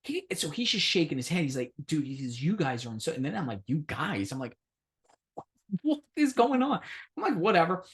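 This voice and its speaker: A man's voice: on the high side, sing-song, fairly quick. A man co-hosting a podcast, telling a long anecdote in casual chat. He swears a lot, laughs often and acts out the voices of the people in his story. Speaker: podcast co-host.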